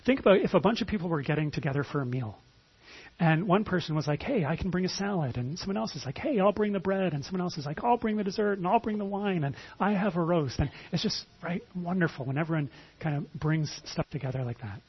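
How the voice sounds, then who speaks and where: A man's voice: sits high, lively intonation, fast talker, husky, dull audio. A pastor giving a conversational sermon, often repeating words as he starts a phrase.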